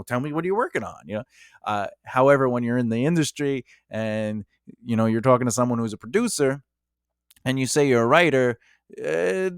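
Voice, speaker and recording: A male screenwriter talks casually to the camera in a voice on the low side, offering writing advice and acting out little exchanges along the way. The sound is clean studio quality with no room sound.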